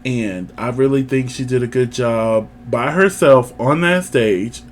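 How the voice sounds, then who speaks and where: A man co-hosting a casual review chat, animated and teasing as he leads the talk. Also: mid-range voice, unhurried. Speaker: podcast co-host.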